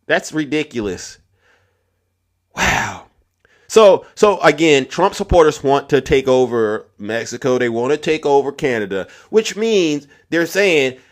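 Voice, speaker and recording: A man's voice: on the high side, expressive, measured pace. A man hosting a live political debate stream, talking to his chat and calling people up, mocking and repeating himself. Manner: mocking, repetitive, taunting callers.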